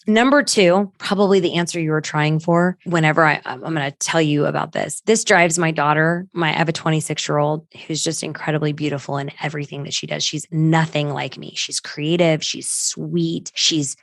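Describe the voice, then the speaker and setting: A middle-aged woman, a podcast guest, talking bluntly and emphatically, with quick asides and acted-out quotes. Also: low voice, steady tone, gravelly, dry recording, studio quality. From United States. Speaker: podcast guest, crisis consultant. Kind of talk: candid conversational interview.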